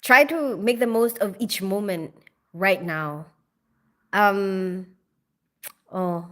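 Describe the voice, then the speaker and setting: A woman's voice: medium pitch, takes it slowly, pauses often, pushed and bright. A woman hosting a casual live stream, greeting viewers by name and chatting through their questions with frequent giggles. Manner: giggly, laughs often.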